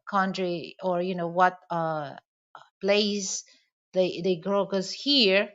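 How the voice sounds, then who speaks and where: A woman's voice: lowish voice, lo-fi sound. A woman from the Philippines with a Filipino accent, chatting casually in a rambling way with many "you know" fillers. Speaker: vlogger. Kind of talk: casual monologue.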